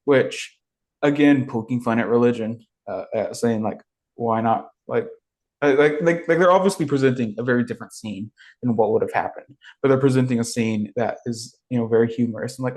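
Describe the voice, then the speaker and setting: A male podcast co-host talks through a film in a casual review chat, thinking aloud and searching for his words amid many fillers and restarts. His voice is medium in pitch, a little fast and a little mellow.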